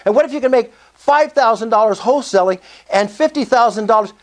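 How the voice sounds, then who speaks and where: A man's voice: very high-pitched, brisk. A man in his sixties giving a fervent, preacher-like motivational speech at an investor meetup, calling out to the audience for responses. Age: 60s. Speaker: speaker at a real estate investor meetup.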